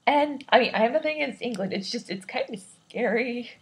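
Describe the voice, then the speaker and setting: Describing herself as awkward and introverted, a vlogger in her twenties talks through her worries in a rambling, self-doubting way with many restarts. Her voice is on the high side, husky, fairly quick, and lively in intonation, though the audio quality is poor.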